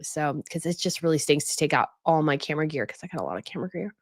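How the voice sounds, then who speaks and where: A woman's voice: low-pitched, animated, fast talker, no echo. A woman hosting a royal news livestream, chatting casually and reading viewer comments, rambling and laughing often. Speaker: royal news channel host.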